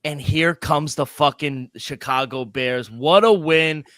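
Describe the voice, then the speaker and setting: A man co-hosting a sports betting podcast, talking casually and excitably, with loose restarts and the odd swear. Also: a little high, slow pace, no echo. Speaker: podcast co-host.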